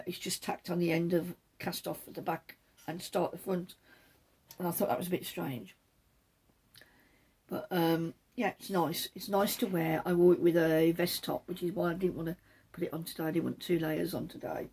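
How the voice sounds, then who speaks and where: Her voice fairly low and darkish with a breathy edge, a woman runs a knitting podcast out of her home's back room with the patio door left open. The talk is casual and meandering, she pokes fun at herself, and she wanders into digressions every so often.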